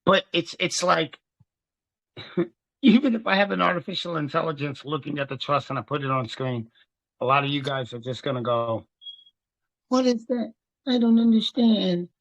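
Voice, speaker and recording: A man hosting his show, talking in an excited, preacher-like way with sudden swings in tone. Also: fairly high pitch, gravelly, rough recording. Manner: excitable, rapid shifts in tone, preacher-like. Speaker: host and legal trust teacher. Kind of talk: excited preaching-style talk.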